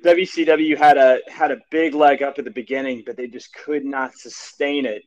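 A man's voice: medium pitch, steady tone, normal speed, a little mellow, low-quality recording. A man co-hosting a casual chat, answering in a matter-of-fact way with frequent restarts.

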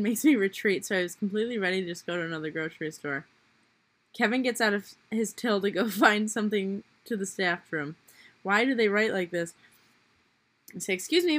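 A young woman co-hosting a podcast, reading a story aloud and chatting in a lively, jokey way. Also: mid-range voice, a little fast. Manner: lively, jokey, laughs often. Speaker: podcast co-host.

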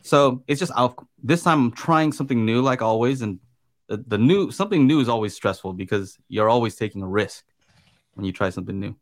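Relaxed man hosting a chat show. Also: medium pitch, fairly quick. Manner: relaxed, hesitant, many fillers. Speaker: podcast host. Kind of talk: casual chat.

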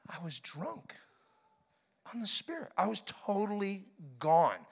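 A middle-aged male preacher giving a sermon, telling animated stories and mimicking people's laughter. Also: high voice, unhurried, creaky, husky.

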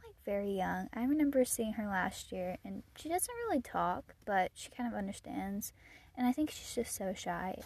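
A chatty teenage girl talks on her own podcast, her voice a bit higher than most women's and mellow in tone. She gushes and scatters "like" through her sentences. The sound is dry and close. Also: gravelly, husky, no room sound. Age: teens. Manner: chatty and gushing, with frequent "like" and soft laughs. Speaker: podcast host. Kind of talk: casual solo podcast chat.

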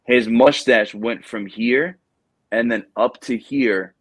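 A man hosting a casual chat, telling a recruiting story with lively acted-out quotes and plenty of "bro". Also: mid-range voice, slow, husky, dry recording. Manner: animated storyteller, acts out quotes, says "bro". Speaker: podcast host, Marine recruiting staff sergeant.

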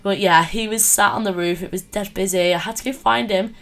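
Girl in her twenties rambling about dating, chatty and lively. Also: medium pitch, a little fast. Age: 20s. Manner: chatty, animated, many fillers and laughs. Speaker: podcast host. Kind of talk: casual storytelling chat.

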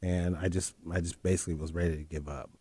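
A man's voice: deep voice, level tone, fast talker, warm tone, breathy edge, no room sound. A man, a guest on a talk show, candidly telling his life story and often repeating his phrases. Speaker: interview guest.

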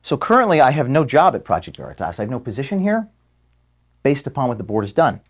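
A man giving a farewell address to his staff, filmed in an office room. He is close to tears and halting, and he stops to apologize as he speaks. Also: mid-range voice, sing-song. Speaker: organization founder giving a farewell speech to staff.

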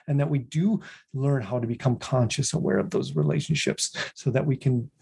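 Man, gravelly, raspy, reflective casual talk. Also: medium pitch, normal speed, darkish tone. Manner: reflective, musing, laughs easily. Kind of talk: casual conversation.

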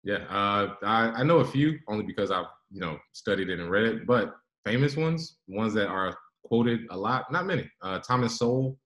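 A man's voice: on the low side, a bit bright, reverberant, low-quality recording. A man, a guest author, explaining his ideas earnestly in a podcast interview.

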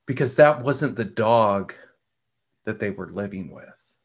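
A middle-aged man hosting a reflective talk, speaking in a slow, measured way with frequent pauses and repeated words. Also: lowish voice, lively intonation. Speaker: podcast host.

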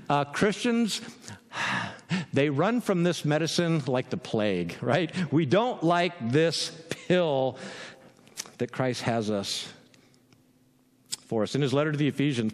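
A man delivers a sermon with a high, lively voice that swings up and down. He talks like he's chatting with his congregation, and a long reverb trails his words through the room. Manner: conversational, animated, asks "right?" often, with laughs. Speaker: pastor.

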